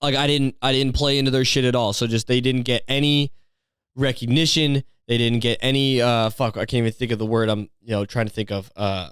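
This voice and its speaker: A man's voice: mid-range voice, little pitch movement, a little fast, fairly bright tone, smooth, no room sound. A man hosting a solo podcast, rambling through a story in a profane, incredulous way on a close mic. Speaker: podcast host.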